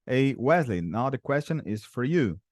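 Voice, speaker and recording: A man's voice: mid-range voice, big pitch swings, darkish tone, no room sound, studio quality. Patient Brazilian man teaching English. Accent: Brazilian Portuguese. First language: Portuguese. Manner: patient, repeats words slowly for students. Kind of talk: online English lesson.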